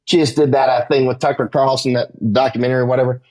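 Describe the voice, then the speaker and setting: Speaking fast with little pitch movement and a slightly mellow tone, a male war correspondent gives an emphatic monologue in an interview. Still, his pitch creeps higher as he gets worked up, and he frequently tacks on "right?"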